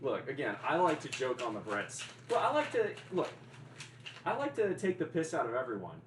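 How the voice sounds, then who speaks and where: A man's voice: medium pitch, huge pitch swings, normal speed, background noise. A man with a Southern American accent chatting casually on a livestream, joking, teasing and answering his chat. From Deep South of the US.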